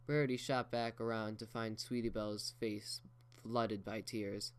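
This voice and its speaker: A man reading a fan fiction story aloud in a slow, measured way. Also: on the low side, flat delivery, clean tone. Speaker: reader.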